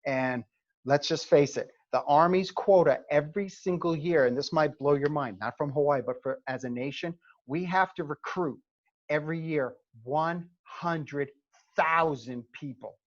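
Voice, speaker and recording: Middle-aged ny guy, ex army sergeant, chatty storyteller, kinda high voice, muffled zoom audio. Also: measured pace. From New York. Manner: animated storyteller, frequent "okay?" check-ins. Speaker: Army recruiting advisor, former first sergeant. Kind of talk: conversational seminar talk. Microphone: video call. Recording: lo-fi video call audio.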